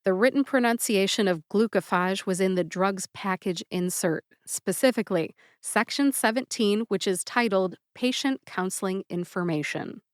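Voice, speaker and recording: A woman hosting a pharmacist's podcast, speaking deliberately and spelling out syllables in a scripted educational style. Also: medium pitch, dry recording, clean studio sound. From United States.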